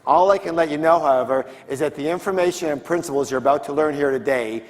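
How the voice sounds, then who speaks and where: Man with a fairly high voice leading a seminar. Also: fast talker. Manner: energetic call-and-response with the audience. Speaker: seminar speaker. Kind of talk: motivational seminar talk. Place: large conference hall, on stage. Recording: long reverb of a large hall.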